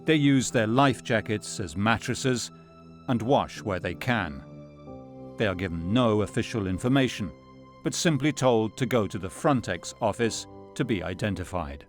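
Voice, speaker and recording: Male documentary narrator, fairly low voice, sober measured read. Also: animated, soft background music. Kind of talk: scripted narration.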